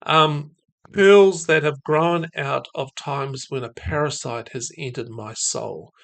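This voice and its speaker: A man muses aloud in a reflective devotional talk about faith and mental health, using fillers and soft laughs. His voice is a little high, slow, and gravelly.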